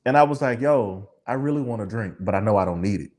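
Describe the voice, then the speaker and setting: A man's voice: fairly low pitch, expressive, fast, a little mellow. A man co-hosting a podcast, talking in a candid, emotional and profane way and laughing often. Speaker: podcast co-host. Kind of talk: candid casual chat.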